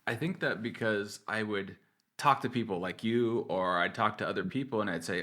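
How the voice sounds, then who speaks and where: A man hosts a technical podcast interview with a somewhat low voice. He asks questions in a relaxed, conversational way and now and then trips over his words. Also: moderate pace. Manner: conversational, some stumbles. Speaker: podcast host. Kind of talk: casual interview.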